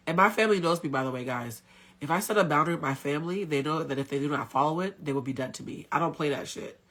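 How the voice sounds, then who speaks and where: A spiritual coach and tarot reader tells a candid story during a casual live stream, recorded on a phone. Her voice is bright yet low-pitched, and she talks fast, bluntly, and swears freely.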